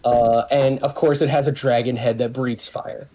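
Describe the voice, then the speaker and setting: A man playing a tabletop game, chatting casually in a halting, rambling way and swearing freely. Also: mid-range voice, fairly even intonation, mellow, poor audio. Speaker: player.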